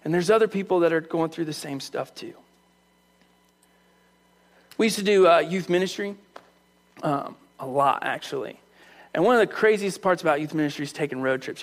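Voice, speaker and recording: High-voiced, animated male preacher. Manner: animated, emphatic, talks directly to the congregation. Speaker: pastor. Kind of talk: sermon.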